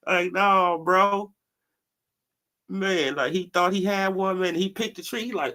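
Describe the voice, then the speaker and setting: A man's voice: sits high, steady tone, unhurried, pushed and bright. A man hosting a casual boxing commentary stream, talking animatedly in slang, laughing often and tossing in "right?" and "bro". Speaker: boxing commentary channel host.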